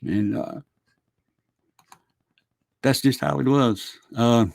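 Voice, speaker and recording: A middle-aged man spins casual stories in a folksy, rambling way, chuckling now and then and swearing freely. His voice sits at an ordinary middle pitch. The sound is close and dry, with no room around it. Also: very slow, gravelly, a little mellow, dry recording. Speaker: vlogger. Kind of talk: casual storytelling.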